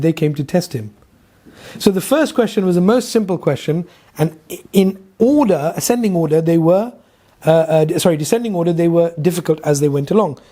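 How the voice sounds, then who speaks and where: A man teaching a religious lesson as a lively storyteller who acts out each character's lines. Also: on the high side. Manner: animated storyteller, acts out dialogue, laughs often. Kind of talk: storytelling lecture.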